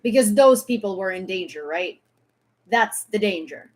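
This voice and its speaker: A woman's voice: medium pitch, lively intonation, normal speed. A woman from Ukraine ranting on a live stream, sarcastic and heated, swearing freely as she argues. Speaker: social media creator.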